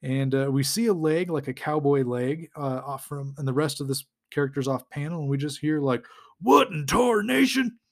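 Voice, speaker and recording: A man's voice: mid-range voice, fairly even intonation, brisk, hardly any pauses, a little mellow. A man hosting a podcast, casually recapping a comic in a rambling way with lots of fillers and chuckles. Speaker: podcast host.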